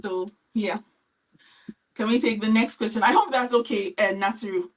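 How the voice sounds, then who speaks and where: A woman's voice: mid-range voice, moderate pace, distant mic, low-quality recording. A middle-aged woman teacher on a live-stream panel, giving earnest, explanatory advice about teaching abroad. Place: lives in England.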